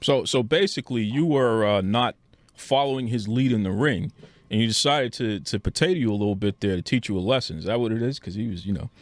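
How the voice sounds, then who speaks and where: A man's voice: medium pitch, fast talker, no echo. A man hosting a podcast interview, eagerly prompting his guest with questions. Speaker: podcast host.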